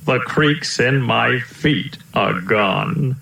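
A man voicing a gentle, kindly old male elephant who tells slow stories, in a roomy-sounding recording. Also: medium pitch, creaky, exaggerated voice. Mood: weary. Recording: roomy echo.

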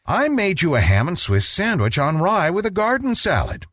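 A man's voice: sits high, wildly swooping pitch, normal speed, fairly bright tone, no echo, studio quality, pitched above the performer's own voice, heavily acted. A man voicing a patient mother pleading with her picky son, in a sing-song storybook manner. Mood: coaxing.

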